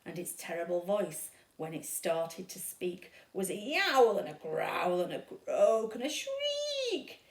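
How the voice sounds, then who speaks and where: A woman reading a children's story aloud at a storytime, slow and dramatic. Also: lowish voice, wildly swooping pitch, distant mic. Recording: echoey room.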